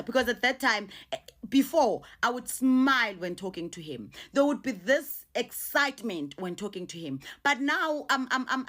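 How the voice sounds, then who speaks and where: A middle-aged woman with a South African accent tells a personal story in an animated way, repeating exclamations and mixing in local words. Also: on the high side.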